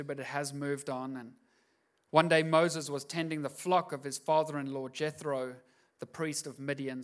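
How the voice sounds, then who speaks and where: High-voiced pastor preaching in slangy asides. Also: male voice, a bit bright. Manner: casual slangy storytelling with acted-out asides. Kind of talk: sermon.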